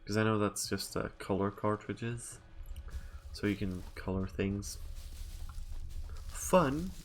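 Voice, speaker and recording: A man's voice: on the low side, animated, slow pace. A young man chatting casually while streaming a game, rambling and thinking aloud with lots of fillers.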